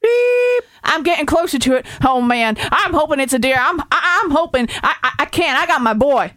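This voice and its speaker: A woman's voice: high-pitched, expressive, normal speed, a bit bright, dry recording, clean studio sound. A woman reading out the part of a panicked male trucker calling 911, frantic and repeating himself.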